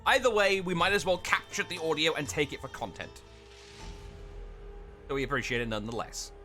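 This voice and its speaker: Caster: man, high bright voice, lively stream banter, faint music behind. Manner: quick, animated, laughs often.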